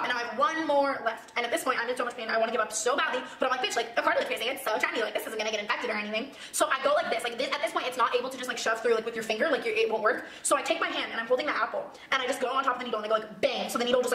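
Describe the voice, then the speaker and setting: A woman's voice: on the high side, pushed and bright, echoey room. A woman telling a dramatic storytime in a vlog, swearing a lot. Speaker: vlogger telling a story, clip played in a reaction.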